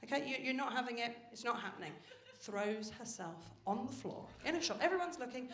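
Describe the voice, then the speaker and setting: A woman performs stand-up on a live stage, with a bright, high voice and a brash, animated, foul-mouthed storytelling style. She is picked up on a handheld mic in a roomy venue, with faint noise and audience laughter behind her. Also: a little fast. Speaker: stand-up comedian. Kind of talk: stand-up comedy set.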